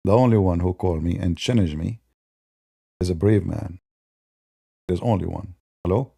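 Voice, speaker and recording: Man, gravelly dark voice, sarcastic combative online debater, non-native English phrasing. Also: low voice, moderate pace, long pauses, dry recording. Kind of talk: polemical monologue.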